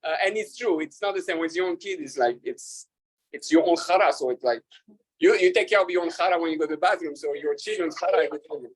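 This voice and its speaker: A man, a rabbi, talking casually to an audience, halting with fillers and restarts and laughing at his own jokes. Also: on the high side, breathy edge, poor audio.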